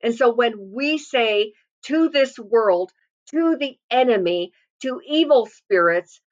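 A woman delivers a sermon in an earnest, emphatic way, leaning into each scripture quote. Her voice sits a little high. The recording is muffled and lo-fi. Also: animated, slow pace. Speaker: preacher.

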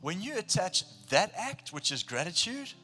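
A man with a South African accent preaches a sermon with a bright, forceful edge, swinging from a near-hush to a shout as he tells stories. His voice sits a little high and rings through a large hall with long reverb and faint instrumental music. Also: moderate pace. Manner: animated storytelling, shifts between hush and shout. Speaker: pastor.

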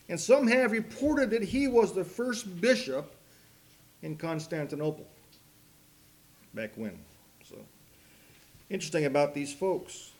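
A man preaching a sermon, mixing folksy rambling stories with slow, emphatic preaching. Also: high voice. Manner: folksy, rambling storytelling with asides and laughs. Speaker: pastor.

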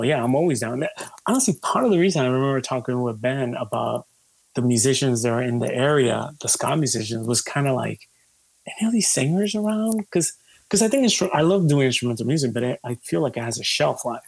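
Gravelly, husky man chatting loosely. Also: medium pitch, dry recording. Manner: loose and rambling, with frequent fillers, swearing and laughs. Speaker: musician guest. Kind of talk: casual conversation.

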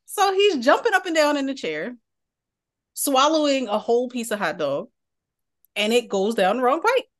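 A podcast co-host with a high voice tells a family story at a moderate pace during casual chat. She's an animated storyteller who laughs mid-sentence as she goes.

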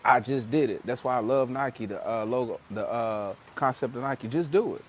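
A man's voice: mid-range voice, moderate pace, slight background noise. Emphatic slangy man on a podcast. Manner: emphatic, slangy, acts out voices in quotes. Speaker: podcast co-host. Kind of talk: casual motivational podcast talk.

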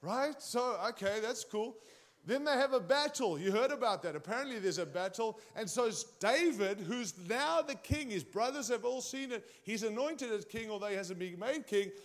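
A man's voice: sits high, expressive, normal speed. A man preaching a sermon in a conversational way, often turning to the congregation with direct questions.

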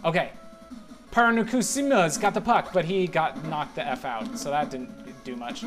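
A man's voice: on the high side, moderate pace, over music. A man giving casual, rambling commentary while playing a video game, mocking his own mistakes and breaking into sudden exclamations. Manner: rambling, self-deprecating play-by-play with sudden exclamations. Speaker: let's play gamer.

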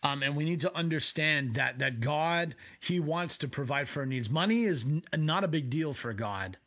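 A man preaching a sermon from home in a conversational way, with quick asides. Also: a little high, animated, fairly bright tone. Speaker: pastor.

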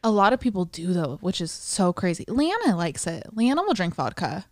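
A woman's voice: lowish voice, sing-song, moderate pace, darkish tone, dry recording, studio quality. A tipsy woman in her twenties co-hosting a casual podcast at home on a handheld mic, giggly and swearing freely. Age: 20s. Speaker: podcast co-host. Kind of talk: casual chat. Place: sitting on a bedroom floor at home.

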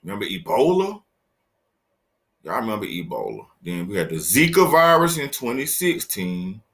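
A man's voice: fairly low pitch, huge pitch swings, moderate pace, fairly bright tone. A man hosting a casual solo podcast, joking loosely and talking straight to his listeners in slang. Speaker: podcast host. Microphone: laptop setup, talking to camera.

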